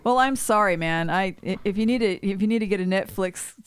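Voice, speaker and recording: A woman co-hosting a casual podcast, reacting with quick interjections and frequent laughter. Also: medium pitch, clean tone. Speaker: podcast co-host. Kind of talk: casual chat.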